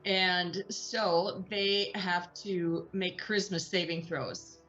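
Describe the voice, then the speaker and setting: Lady player explaining her moves, slow, kinda lo-fi, music behind. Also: on the low side, steady tone, fairly bright tone. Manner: narrates her character's moves. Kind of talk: playing a tabletop game.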